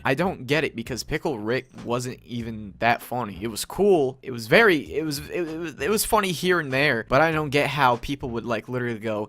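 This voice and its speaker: A young man rants in a sarcastic, profane commentary voice at a middling pitch. He slips into exaggerated mocking voices of fans and keeps up a scornful running monologue. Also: lively intonation, brisk, hardly any pauses, fairly bright tone, no echo. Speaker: commentary YouTuber. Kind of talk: ranting commentary.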